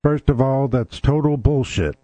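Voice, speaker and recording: A man's voice: medium pitch, normal speed, warm tone, dry recording, dull audio. A man hosting his own talk show, talking bluntly and combatively with plenty of swearing. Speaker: podcast host. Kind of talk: casual political talk.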